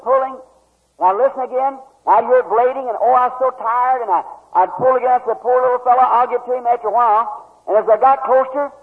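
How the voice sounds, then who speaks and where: A man preaching a sermon, telling a folksy story and voicing the people in it. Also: high voice. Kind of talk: sermon testimony. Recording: tinny old lo-fi recording, hall reverb.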